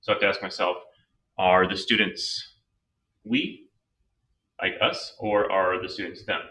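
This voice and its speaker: Deep-voiced man teaching slowly, patiently. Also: sing-song, gravelly, bright, forceful tone, far from the mic, low-quality recording. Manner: patient, walks through reasoning step by step. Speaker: Spanish teacher. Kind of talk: slow explanatory lesson.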